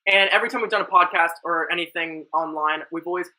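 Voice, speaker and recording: A man's voice: a little high, fast talker, rough recording. A young man hosting a casual podcast chat, telling stories with lots of swearing. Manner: animated storytelling, swears freely. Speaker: podcast host.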